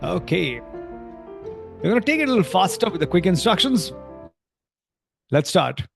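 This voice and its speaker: A man's voice: high voice, a little slow, creaky, over music. A man hosting an online group coaching call, talking in a friendly, encouraging way. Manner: energetic, leads repeated affirmations.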